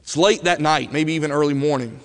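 A man preaching a sermon as an animated storyteller who swings from loud bursts to hushed moments, in a church sanctuary. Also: a little high, brisk, in a large hall.

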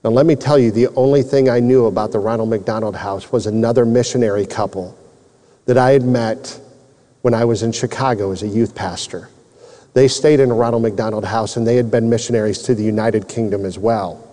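Man, personal testimony sermon, earnest and emotional, mellow voice, long hall reverb. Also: lowish voice, steady tone, fairly quick. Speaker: preacher telling his testimony.

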